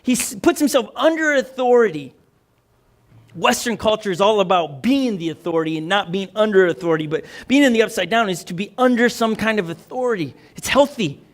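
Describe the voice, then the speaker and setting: High-voiced man preaching a casual sermon. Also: fairly quick. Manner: energetic, conversational preaching with restarts. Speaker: pastor.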